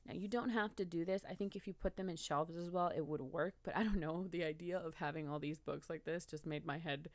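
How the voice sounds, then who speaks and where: A woman with a somewhat low voice narrates her planner in a relaxed, rambling way, often correcting herself and laughing softly. The recording is dry and close, with no room sound. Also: fairly quick, hardly any pauses, dry recording. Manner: chatty, rambling, self-correcting with small laughs. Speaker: bullet journal vlogger. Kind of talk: casual voice-over narration.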